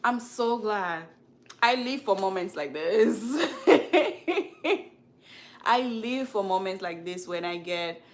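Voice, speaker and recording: A woman's voice: on the low side, a little hiss or hum. A woman hosting a casual beauty chat, reading comments and gossiping with frequent laughter. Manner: chatty, laughs often, gossipy. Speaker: beauty channel host.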